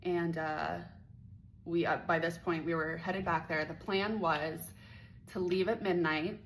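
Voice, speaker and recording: A woman's voice: lowish voice, fairly even intonation, measured pace, slight background noise, low-quality recording. A young woman telling a story from her teenage years, candid and swearing freely, acting out the voices of the people she quotes. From Pittsburgh area. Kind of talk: casual storytime vlog.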